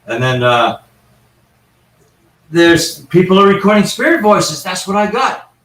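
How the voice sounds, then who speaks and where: A man with a slightly raised pitch tells paranormal stories in a loose, rambling way, often restarting his sentences. He sits well back from the mic. The room around him sounds echoey. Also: sing-song, a little slow, a bit bright, recorded from a distance. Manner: rambling, with frequent restarts and asides. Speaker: guest paranormal investigator. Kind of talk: casual anecdotal storytelling.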